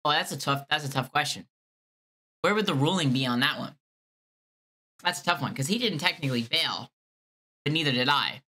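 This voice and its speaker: Streamer, male, exasperated and mocking, bright tense voice. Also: on the high side, lively intonation, normal speed, pauses often. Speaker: streamer baiting a scam caller. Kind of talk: live-stream phone prank commentary.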